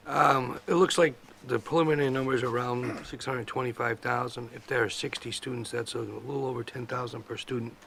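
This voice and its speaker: A man's voice: mid-range voice, steady tone, fairly quick, vocal fry, hardly any pauses, a bit bright, slight background noise. A man on a school committee asking direct, number-focused budget questions at a meeting.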